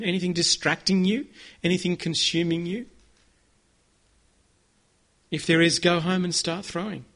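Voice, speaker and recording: A man delivers a sermon in a high, bright voice. He speaks with earnest conviction and leads his listeners in a call-and-response. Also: gravelly. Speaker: pastor.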